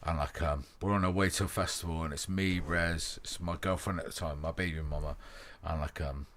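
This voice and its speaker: A man's voice: rumbling low, steady tone, a little fast, a bit bright, slight background noise. A man hosting a podcast, telling a story in casual chat, swearing a lot and rambling with fillers. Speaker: podcast host.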